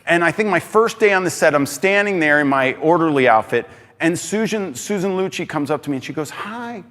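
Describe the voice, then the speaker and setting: A man giving an energetic talk on stage, emphatic and excitable, swinging between loud bursts and quieter asides. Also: fairly high pitch, a little fast. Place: large hall on stage. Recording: reverberant hall.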